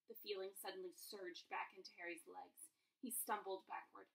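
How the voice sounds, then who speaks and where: A woman reading a novel aloud with expressive storytelling. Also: mid-range voice, normal speed, creaky. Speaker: reader. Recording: distant mic.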